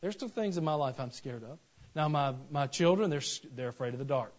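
Pastor preaching, slightly high voice. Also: male voice, a little fast. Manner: animated storytelling, acts out voices in anecdotes. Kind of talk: sermon. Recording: dull lo-fi sermon recording.

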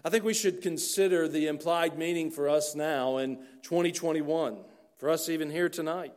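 A man preaching a sermon to his congregation, earnest and slowing down to stress key phrases. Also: fairly high pitch, darkish tone. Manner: earnest, slows down for emphasis. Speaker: pastor.

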